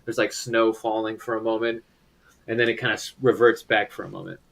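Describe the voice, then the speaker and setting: A man's voice: on the low side, flat delivery, fairly quick, vocal fry, fairly bright tone, low-quality recording. A man narrating as game master, describing scenes in a loose, rambling way with many fillers.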